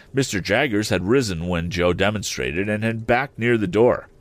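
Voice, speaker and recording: A man narrating an audiobook of a classic novel in a measured storytelling manner. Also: on the low side, no room sound. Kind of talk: scripted narration.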